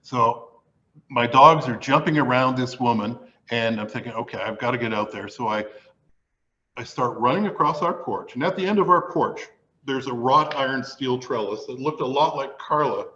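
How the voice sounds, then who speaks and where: A man spins a comic story before a live audience, mocking himself and acting out the scenes as he goes. His voice sits at an ordinary pitch, and the recording sounds a little dull and lo-fi. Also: normal speed. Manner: animated, self-mocking, acts out the story.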